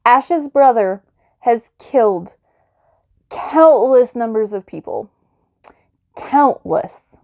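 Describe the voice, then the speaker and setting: Woman, casual book vlog, gushing plot rambles, higher pitch, dry close mic. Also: lively intonation, slow pace, long pauses, a little mellow, no room sound, lo-fi sound. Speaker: book vlogger. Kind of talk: casual reading vlog chat.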